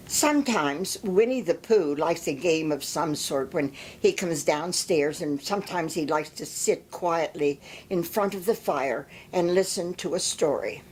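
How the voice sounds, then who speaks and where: A woman reads a children's story aloud in a lowish voice. She explains things gently and now and then stumbles and restarts. A faint hum sits behind her. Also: unhurried, few pauses. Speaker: storybook reader.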